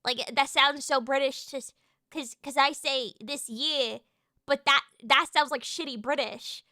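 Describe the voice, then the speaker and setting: A young woman streaming, chatting casually and excitedly, with sudden shouted outbursts. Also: sits high, normal speed, no echo, studio quality. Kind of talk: casual live-stream chat.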